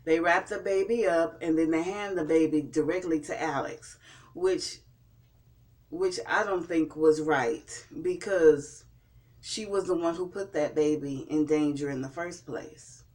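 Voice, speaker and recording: A man's voice: a little high, unhurried. A man giving a casual spoken recap and review of a TV episode, often repeating and restarting his words. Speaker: TV show reviewer.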